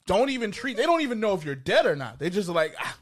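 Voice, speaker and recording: A man co-hosting a casual comedy podcast, joking and putting on quick voices for game characters. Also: sits high, no echo. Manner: animated, jokey, slips into put-on voices of game figures. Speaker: podcast co-host.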